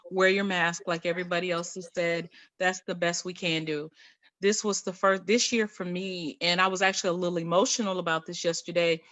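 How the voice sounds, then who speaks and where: A woman's voice: fairly low pitch, level tone, brisk, a bit bright, no echo. A woman speaking as a guest in a casual panel discussion, telling personal stories in a chatty way.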